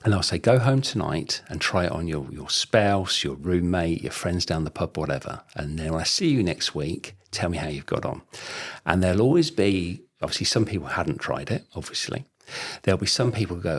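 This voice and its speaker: A man's voice: sits low, sing-song, fairly quick, breathy edge. A middle-aged man, a sales trainer talking through books and techniques in a chatty, rambling way, full of "you know". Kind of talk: casual conversational interview.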